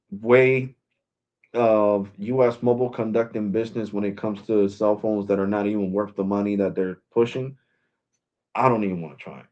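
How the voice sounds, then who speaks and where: A man with a fairly low voice rants to his viewers as a tech YouTuber. He talks emphatically, circles back and repeats himself, and the recording sounds dull and lo-fi. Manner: emphatic, repetitive, rambling. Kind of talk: casual ranting vlog.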